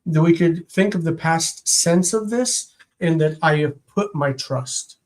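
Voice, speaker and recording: A mid-range voice, recorded in low quality, belongs to a Biblical Hebrew teacher reviewing homework on a livestream. Translation proceeds slowly and deliberately phrase by phrase, with small slips corrected as they go.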